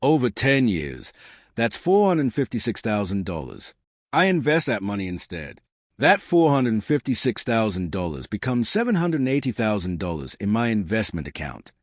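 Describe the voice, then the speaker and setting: A man's voice: fairly low pitch, wildly swooping pitch, normal speed, no room sound, studio quality. A man giving scripted first-person narration about personal finance, reading out dollar figures with an emphatic, punchy delivery.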